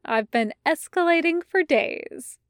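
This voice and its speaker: A woman's voice: on the high side, animated, slow pace, no echo, studio quality. A woman voicing a mischievous, gleeful teenage boy in a storybook reading, talking in a cheerful, smug way.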